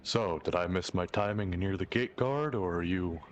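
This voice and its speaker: Deep-voiced man playing his character. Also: moderate pace, muffled recording, slight background noise. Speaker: player. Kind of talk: in-character tabletop role-play.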